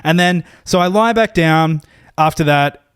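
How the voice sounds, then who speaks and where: A man tells a long anecdote on a casual podcast. His voice sits a little high for a man, recorded dry and close. He talks in a rambling, profane, self-deprecating way and keeps restarting his sentences. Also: measured pace, smooth, dry recording. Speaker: podcast co-host. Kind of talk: casual storytelling chat.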